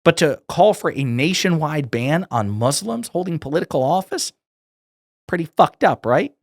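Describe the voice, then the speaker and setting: A man's voice: fairly high pitch, lively intonation, normal speed, no room sound, clean studio sound. A man giving sarcastic, indignant political commentary as he reads out quotes and reacts to them.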